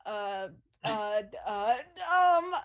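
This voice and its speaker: A woman's voice: medium pitch, sing-song, drawn-out words, muffled recording. A woman doing an improv comedy scene on a video call, indignant and mock-lecturing. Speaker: improv performer.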